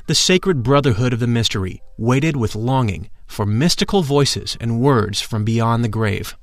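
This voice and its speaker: A man narrating a first-person account in a measured, formal reading voice. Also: mid-range voice, dry recording.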